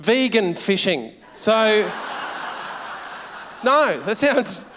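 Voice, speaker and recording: A middle-aged man performs stand-up on a big stage, brash and full of swearing as he chats with the crowd. His voice sits fairly high for a man, and the live venue adds a long, ringing reverb behind him. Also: sing-song, extremely slow, noisy background. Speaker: stand-up comedian. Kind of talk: stand-up comedy set. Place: large theatre stage.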